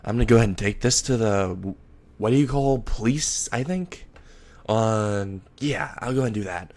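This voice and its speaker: A man's voice: lowish voice, normal speed, a little mellow, natural voice. A man voicing a crude, foul-mouthed male imp hitman in a storybook reading, swearing and stammering often. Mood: baffled. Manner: swears constantly, blurts and stammers. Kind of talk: storybook character voice.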